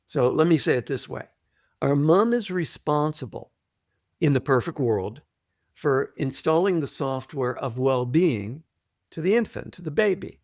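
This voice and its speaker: A man guesting on an interview podcast, explaining things deliberately, repeating his points and often clearing his throat. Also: on the high side, lively intonation, darkish tone, dry recording, clean studio sound. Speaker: guest, trauma author. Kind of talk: conversational interview, teaching.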